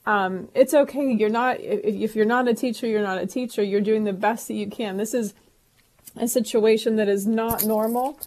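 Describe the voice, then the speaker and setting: A woman's voice: medium pitch, fairly even intonation, moderate pace, a little mellow. A woman co-hosting a call-in advice show, talking reassuringly with many fillers. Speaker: co-host.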